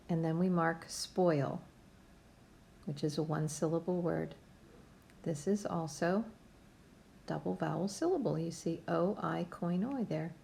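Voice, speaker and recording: A woman's voice: lowish voice, creaky, darkish tone. A woman teacher giving a patient, step-by-step phonics lesson to young students from home. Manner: slow, patient, step-by-step instruction.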